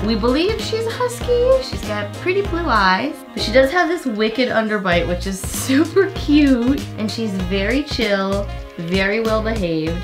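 A young woman, vlogging chattily and cheerfully to camera from her home. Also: mid-range voice. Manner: chatty and upbeat, with laughs. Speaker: pet vlogger host. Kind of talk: casual vlog talk to camera.

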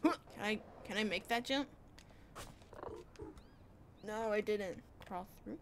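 A woman's voice: medium pitch, slow, slight background noise. A young woman casually commenting on a game as she plays, playful and chatty with sing-song bits. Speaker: gaming streamer.

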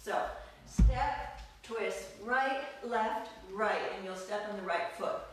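In an echoey room with the mic set far away, a woman with a mid-range voice leads a live online belly dance class at a slow pace. She counts the steps out loud, staying upbeat and playful, and laughs a lot.

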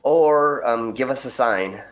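A man's voice: medium pitch, slow pace. A man hosting a game stream in casual chat, rambling with plenty of ums and uhs. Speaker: stream host. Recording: roomy echo, faint music.

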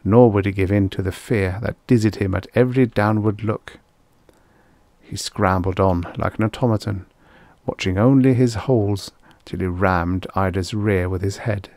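A male audiobook narrator reads aloud from a vintage science fiction tale, his lowish voice steady and somewhat dark, his pacing measured like a storyteller's. It's a dry, close recording with no room sound.

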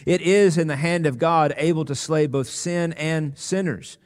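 A man preaching a sermon as pastor, earnest and emphatic, slowing down on key words. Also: fairly high pitch. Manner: earnest, emphatic preaching with slow, weighty pauses. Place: church sanctuary. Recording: long reverb of a church hall.

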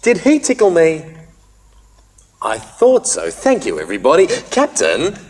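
A man's voice: a little high, wildly swooping pitch, measured pace, a little mellow, in a large hall, soft background music. An Australian man hosting a children's TV show, giggly and speaking to the kids at home. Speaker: children's TV host. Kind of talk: children's TV presenting.

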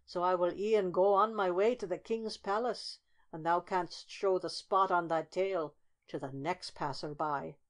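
A woman voicing a small, cheerful and wary male robin who talks in a chirpy, polite way and turns down offers quickly. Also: lowish voice, natural voice.

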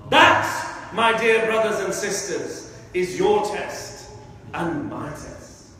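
High-voiced imam preaching passionately. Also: male voice, big pitch swings, takes it slowly, bright, forceful tone. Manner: impassioned, emotional preaching. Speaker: imam delivering a sermon. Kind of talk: sermon. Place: large mosque prayer hall. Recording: echoey hall from far off.

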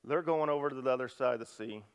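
A man preaching a sermon, telling the story with lively asides and acting out the disciples' lines, swinging from loud to hushed. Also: mid-range voice, quick pace, clean tone. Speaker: pastor.

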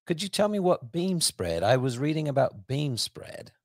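A man's voice: a little high, very animated, normal speed, no room sound, clean studio sound, pitched above the performer's own voice. A man voicing a fussy, rambling male customer on a prank call, in a put-on British accent. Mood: confused. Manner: rambling, silly, mock-posh. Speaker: prank caller.

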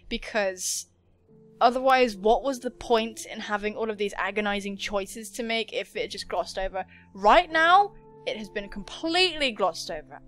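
A young woman commenting on a story game she is playing, excitable and gushing, often squealing and laughing. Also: a little high. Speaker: gaming YouTuber. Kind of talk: let's play commentary.

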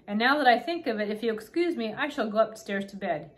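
A woman's voice: fairly high pitch, animated, fast talker, lightly acted. A woman voicing a fussy, haughty little doll-sized king who speaks in a dry, formal way.

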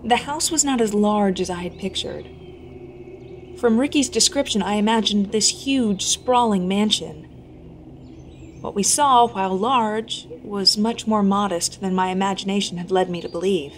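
A woman narrating a first-person horror story at a measured, tense pace, her pitch sitting mid-range for a woman. The delivery is steady and deliberate, with a creeping unease. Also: a little hiss or hum.

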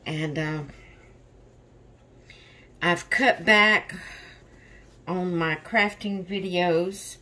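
A woman's voice: on the low side, extremely slow, long pauses, pushed and bright. A woman hosting a doll vlog in casual chat, tired and yawning, rambling openly about her stress. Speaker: reborn doll channel host.

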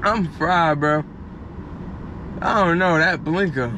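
A man's voice: on the high side, slow pace, background noise. A young man vlogging from a car, telling loose, slangy, rambling stories in casual chat. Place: parked car outdoors.

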